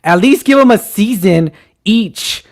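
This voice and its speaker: A man co-hosting a movie talk show, excitable and jokey in casual chat. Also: high voice, unhurried. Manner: excitable, jokey, restarts a lot. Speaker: podcast co-host.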